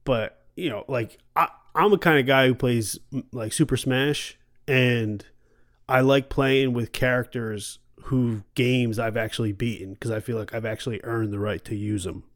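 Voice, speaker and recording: A man hosting a podcast in casual chat, swearing a lot and talking loosely and excitably. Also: mid-range voice, normal speed, no room sound, clean studio sound. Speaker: podcast host.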